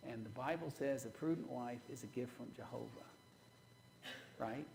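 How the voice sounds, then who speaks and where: A man's voice: mid-range voice, moderate pace, vocal fry, darkish tone, a little hiss or hum, poor audio. A man preaching a sermon, telling folksy stories from his own marriage and putting rhetorical questions to the congregation. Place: church.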